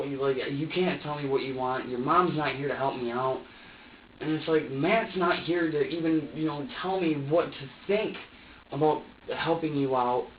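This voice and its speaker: In a police interview room, a young male suspect gives an emotional confession at normal speed in a medium-pitched voice. He is agitated, swearing, stammering and repeating himself. He sounds far from the mic in a roomy space, and the dull recording carries a faint hiss.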